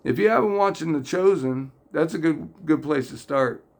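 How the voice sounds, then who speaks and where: A man's voice: on the high side, moderate pace, creaky. A man hosting a casual faith talk, speaking earnestly and rambling a little as he retells stories. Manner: earnest, rambling, gets loudly excited and emotional. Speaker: religious video host.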